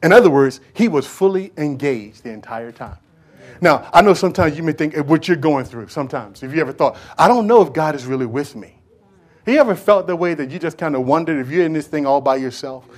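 A pastor preaching a sermon, swinging from hushed lines to loud bursts and acting out scenes from scripture. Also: male voice, fairly high pitch, animated, fairly quick. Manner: acts out dialogue with Bible figures.

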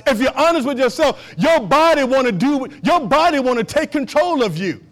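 A male pastor with a notably high voice preaches to his congregation in a church. He repeats short calls to action and swings between loud, driving emphasis and quiet, low asides. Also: lively intonation, moderate pace. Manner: preaching with rising and falling intensity, repeating short exhortations. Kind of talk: sermon.

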